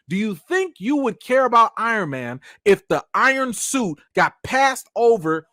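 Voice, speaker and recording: A man's voice: sits high, a bit bright, no room sound, clean studio sound. A man giving casual live-stream commentary, emphatic and slangy, firing off rhetorical questions.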